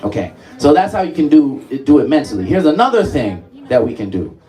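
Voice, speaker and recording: A man's voice: fairly high pitch, big pitch swings, fairly quick, dark tone. Playful man leading a music workshop. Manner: playful, laughs often, coaxing the group. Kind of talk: live workshop teaching. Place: workshop room with live audience.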